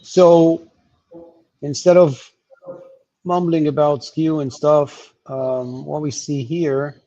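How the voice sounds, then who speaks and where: A man walking through market levels on a livestream, explaining with many pauses and fillers. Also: a little high, flat delivery, mellow, dull audio. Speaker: market analyst guest.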